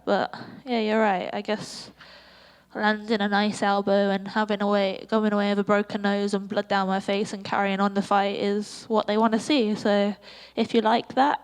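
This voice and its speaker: An English woman fighter with a squeaky voice, chatting self-critically in a post-fight press conference with many ums. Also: flat delivery, moderate pace, smooth, long reverb tail. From England.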